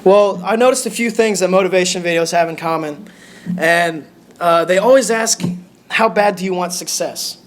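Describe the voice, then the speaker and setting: A young man with a high voice preaches a short lesson to his church. He sounds nervous and halting, often stopping to restart a sentence, with a faint hum of noise behind him. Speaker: lay preacher. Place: church sanctuary.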